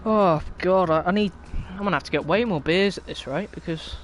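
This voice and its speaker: A man's voice: sits high, fairly quick, slight background noise. A young man hosting a racing league stream, chatting casually in a wry, rambling way and laughing often. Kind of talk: casual live-stream chat.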